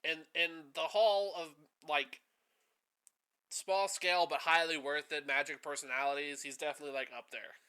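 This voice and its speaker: Nasal, bright-voiced streamer man. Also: a little high, moderate pace, clear, resonant tone. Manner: excitable, swears freely, chuckles often. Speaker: stream host. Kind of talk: casual live-stream chat.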